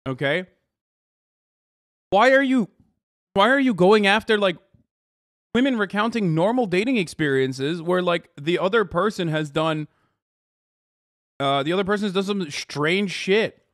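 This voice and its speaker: Bright-voiced male streamer, sarcastic and swearing, dry close sound. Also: high voice, lively intonation, measured pace, pauses often, no room sound. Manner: profane, sarcastic, exasperated. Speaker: streamer reacting to clips. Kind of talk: casual commentary.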